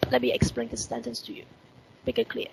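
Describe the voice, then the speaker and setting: Over a computer mic on a video call, an English teacher with a Hong Kong accent gives an online lesson on report writing. Her voice is a little high, strongly gravelly with heavy vocal fry, a little mellow, and monotone, and she speaks fairly quickly, stressing key words and repeatedly asking rhetorical questions like "what does that mean?" The low-quality recording has faint noise humming underneath.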